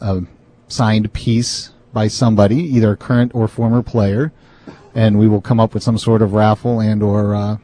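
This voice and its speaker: A man's voice: on the low side, flat delivery, normal speed, dark tone, slight background noise. A man hosting a casual radio chat, upbeat as he announces show details. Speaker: show host.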